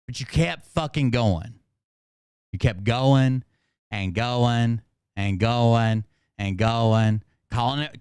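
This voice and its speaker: A man's voice: medium pitch, smooth, no echo, studio quality. A man hosting a livestream, ranting in an angry, combative way and swearing constantly. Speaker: channel host.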